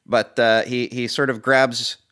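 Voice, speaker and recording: A man's voice: medium pitch, level tone, a little slow, pushed and bright, smooth. A man co-hosting a casual podcast, recapping a movie's plot with sarcastic, sweary asides. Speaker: podcast co-host.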